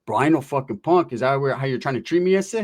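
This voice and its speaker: A man's voice: medium pitch, expressive, fast, natural voice. A man voicing a confrontational young male gang member who is streetwise and keeps repeating himself.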